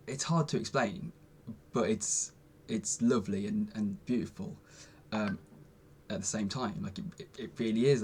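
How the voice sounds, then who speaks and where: Husky-voiced young man musing on camera. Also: medium pitch, darkish tone. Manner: rambling, lots of fillers and restarts, laughs at himself. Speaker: vlogger. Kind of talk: casual reflective monologue.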